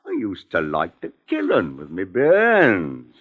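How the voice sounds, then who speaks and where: A hulking gardener whose voice swoops wildly up and down while he drawls slowly. The sound is dull and lo-fi, like an old 1940s radio play. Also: low-pitched, wildly swooping pitch, full character voice. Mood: menacing. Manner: gruff rustic dialect, chuckling. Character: hulking rustic male gardener, blunt and menacing.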